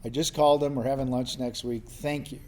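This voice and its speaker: A man from New Mexico telling lively personal stories as a panelist, laughing and acting out the voices of people he quotes. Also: medium pitch, brisk, a little hiss or hum. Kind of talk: storytelling in a panel discussion.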